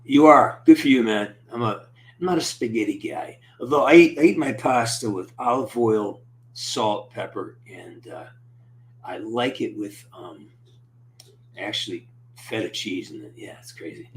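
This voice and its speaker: A man's voice: fairly low pitch, unhurried, a little hiss or hum. A man hosting a casual live stream, greeting viewers by name and chatting in an upbeat, rambling way.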